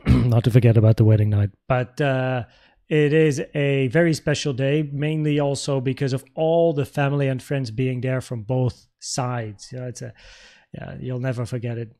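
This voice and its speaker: A man's voice: medium pitch, fairly even intonation, normal speed, warm tone. A young man from the Netherlands hosting a casual livestream, rambling and restarting as he reads out viewer comments. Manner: rambling, with frequent restarts and filler words. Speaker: livestream trading host.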